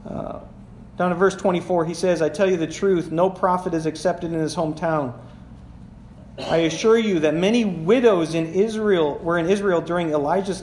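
A man's voice: fairly high pitch, a little mellow, echoey room, slight background noise. A man preaching a sermon, reading scripture aloud and explaining it in a conversational way, asking the congregation questions as he goes. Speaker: pastor. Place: church sanctuary.

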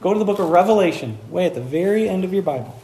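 A man in his thirties preaches in a high, bright voice, talking to the congregation in a casual, lively way. He slips into acted-out voices to make his points. The sound has the roomy echo of a church hall. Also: rapid-fire. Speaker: pastor. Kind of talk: sermon.

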